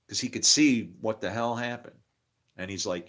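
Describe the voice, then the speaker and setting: A middle-aged man telling rambling stories in a profane, excitable way, breaking into preachy outbursts. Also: on the low side, brisk. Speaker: guest. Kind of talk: rambling storytelling monologue.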